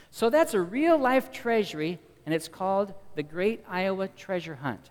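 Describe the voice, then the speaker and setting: A middle-aged man preaching a sermon in a folksy, storytelling way, slowing down to stress key lines. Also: a little high. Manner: folksy, storytelling, slows down for emphasis. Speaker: pastor. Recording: long reverb of a large hall.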